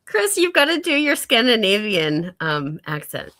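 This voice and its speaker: A woman's voice: medium pitch, sing-song, unhurried, sharp tone. A woman in a casual livestream chat, chatty and teasing with frequent laughter.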